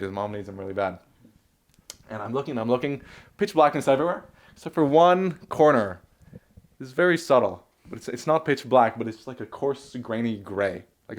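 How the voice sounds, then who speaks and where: A man telling a comic dream story at a live poetry night, rambling with lots of fillers and laughing as he goes. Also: medium pitch. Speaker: open mic storyteller.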